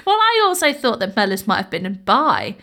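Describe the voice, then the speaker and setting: Woman podcast cohost, crude blunt jokes, bright sharp voice. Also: mid-range voice, huge pitch swings, normal speed. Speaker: podcast co-host. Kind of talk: casual chat.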